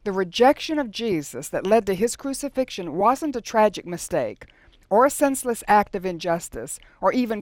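A woman's voice: medium pitch, no room sound, studio quality. A woman preacher giving a closing word in a solemn, emphatic appeal. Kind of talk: sermon.

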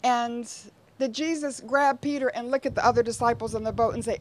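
A woman's voice: fairly high pitch, fairly even intonation, brisk, a little mellow. A woman preaching a sermon in a conversational way, with frequent rhetorical asides to her listeners.

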